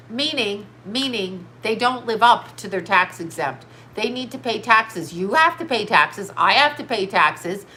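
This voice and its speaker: A woman with a bright, sharp voice and a stuffed-up nose rambles through a casual livestream. She is blunt and scattered, reading out viewer comments as she goes. Faint noise hums under her voice. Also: medium pitch. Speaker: psychic livestream host.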